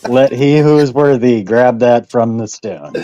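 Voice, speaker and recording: A man's voice: medium pitch, a little slow, lo-fi sound, noisy background. A man in casual livestream banter who makes dry, teasing jokes at his friends.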